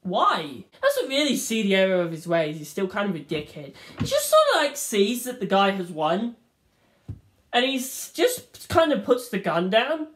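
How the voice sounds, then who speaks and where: A woman's voice: mid-range voice, huge pitch swings, moderate pace. A woman reviewing a film in a rambling, casual monologue, swearing freely and acting out the scenes.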